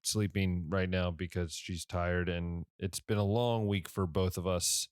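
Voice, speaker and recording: In studio-quality audio without echo, a young Ohioan with a low, smooth voice talks a little slowly and fairly evenly. He's yawning and worn out as he rambles solo on a casual sports podcast, full of fillers, restarts and self-corrections.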